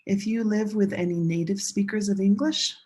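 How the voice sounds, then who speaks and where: A woman's voice: medium pitch, fairly even intonation, moderate pace, mellow, slightly rough, poor audio. A woman teaching English pronunciation, patiently modeling each vowel sound and repeating it for learners. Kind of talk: slow, drawn-out classroom instruction.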